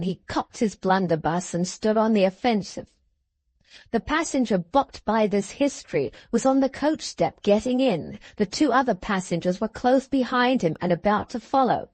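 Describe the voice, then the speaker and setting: A woman's voice: medium pitch, a little mellow, no room sound. Woman narrating an audiobook, dry close sound. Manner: measured storytelling, voicing the characters. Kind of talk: scripted narration of a classic novel.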